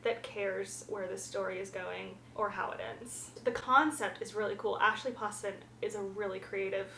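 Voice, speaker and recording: A woman's voice: mid-range voice, steady tone, moderate pace, pushed and bright. A young woman from the American South giving frank, chatty book reviews in a casual vlog, full of fillers. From Southern United States, the Carolinas. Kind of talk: casual chat. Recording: roomy echo, faint background hiss.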